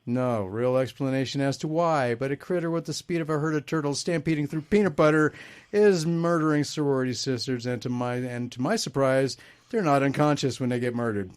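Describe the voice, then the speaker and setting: Man, host, casual panel chat, rambling, laughing often. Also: on the high side.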